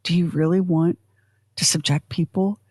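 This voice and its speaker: A woman's voice: lowish voice, steady tone, moderate pace, a little mellow, husky, no echo, studio quality. A woman doing a sly whispering inner voice. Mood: conspiratorial. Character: teasing whispering inner voice, female.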